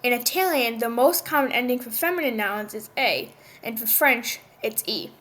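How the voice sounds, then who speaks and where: A woman with a fairly high voice reads out a language lesson from a script. She explains step by step in an even, instructive way. Now and then she stumbles and restarts a word. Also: normal speed. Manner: reads a prepared script, with small slips and restarts. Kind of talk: scripted educational narration.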